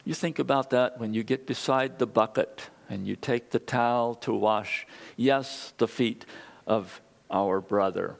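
Man preaching, earnest storyteller, mid-pitched voice, moves around the stage. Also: a little slow, gravelly. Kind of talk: sermon with personal story.

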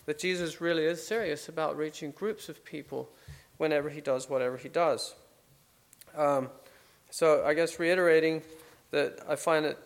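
A man giving an informal Bible study, talking things over conversationally with fillers and restarts. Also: fairly high pitch. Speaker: Bible teacher.

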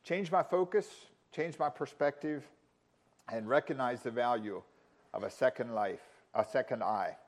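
A man preaching a sermon, emphatic, with dramatic pauses and rising intensity in quoted lines. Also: medium pitch. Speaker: pastor.

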